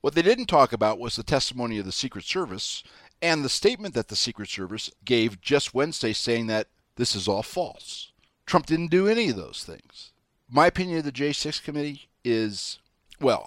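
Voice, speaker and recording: Male talk radio host, opinionated and folksy, lively pitch, dry studio sound. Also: normal speed, no echo. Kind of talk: political commentary monologue.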